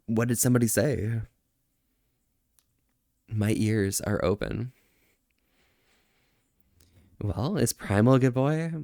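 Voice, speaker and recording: A man streaming and chatting casually, soft-spoken, drawing out slow words of praise. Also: medium pitch, no echo, studio quality. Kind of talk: casual livestream chat.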